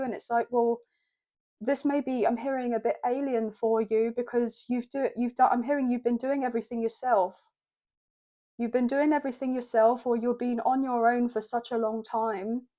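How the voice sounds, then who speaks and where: Mellow-voiced woman giving a tarot reading. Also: a little high. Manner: flowing, repeats "I'm hearing" while channelling messages. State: choked up with emotion. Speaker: tarot card reader. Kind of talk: channelled tarot reading to camera.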